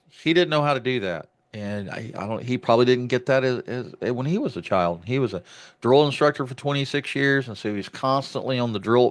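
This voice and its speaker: A man hosting a podcast interview, talking reflectively about fatherhood with many restarts. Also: medium pitch. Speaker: podcast host. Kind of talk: conversational interview.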